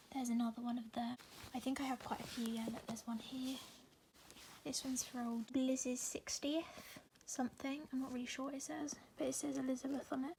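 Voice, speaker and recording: This young woman's voice is high yet darkish and creaky, heard over slight background noise. Filming a rambling vlog on a handheld phone in her bedroom, she chats casually, fills her speech with "like," and frequently sinks almost to a whisper.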